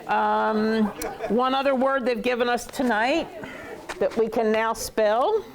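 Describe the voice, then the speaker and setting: In a classroom, a woman with a fairly high voice teaches Hebrew, playful and laughing often as she acts out everyday market phrases for her students.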